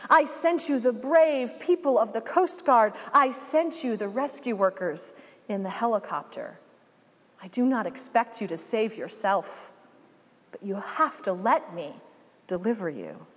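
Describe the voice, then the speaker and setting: A woman voicing God, speaking slowly, gently and quietly to a beloved, stubborn child. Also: fairly high pitch, in a large hall, full character voice. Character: voice of God, tender and patient.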